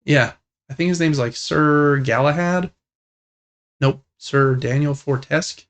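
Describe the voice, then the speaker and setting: A young man co-hosting a casual gaming podcast, talking in a relaxed, rambling and enthusiastic way. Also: on the high side, unhurried. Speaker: podcast co-host.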